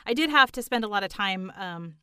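A woman's voice: mid-range voice, expressive, brisk, pushed and bright, clean tone, dry recording, studio quality. A middle-aged woman who voices characters, chatting in an interview in a self-deprecating way, full of fillers and restarts. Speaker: voice actor guest. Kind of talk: casual interview chat.

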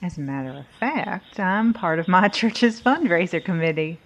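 A woman's voice: lowish voice, expressive, moderate pace. A woman playing a doting older churchgoing hostess in an audio drama. She keeps calling her guest dear and honey. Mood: sweet. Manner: sugary, calls the visitor dear and honey.

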